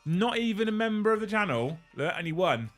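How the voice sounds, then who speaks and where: A young man with a fairly high-pitched voice runs a live stream. He banters with his chat, swears casually and breaks into laughs, with faint music under him. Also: big pitch swings, brisk, fairly bright tone. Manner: joking, swearing, thanking viewers, laughing a lot. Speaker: livestream host.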